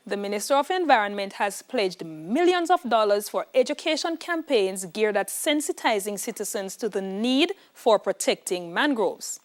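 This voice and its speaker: A woman's voice: medium pitch, expressive, moderate pace, few pauses. A woman with a Jamaican accent teaching an exam prep lesson in an emphatic, instructive way, checking in with "all right". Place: classroom.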